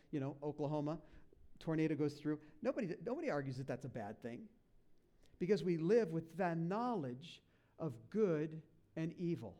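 With an animated delivery, this male pastor performs the quoted voices in his sermon and makes side remarks to his congregation. His pitch is fairly high.

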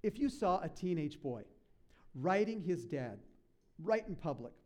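A pastor preaching a sermon, animated, acting out quoted voices and asides to the congregation. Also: male voice, a little high, measured pace.

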